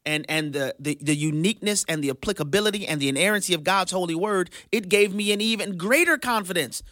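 Bright, emphatic man on Christian radio. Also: high voice, quick pace, dry recording, studio quality. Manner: emphatic, preacherly delivery. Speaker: radio host. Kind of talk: radio fundraiser appeal.

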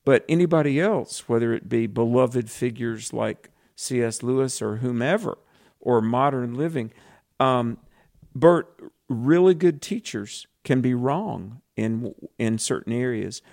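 A Southern man speaking with an earnest, preacherly conviction as co-host of a faith talk program. His pitch sits at an ordinary middle level. He talks in a casual radio way. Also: expressive, a little slow, gravelly, darkish tone.

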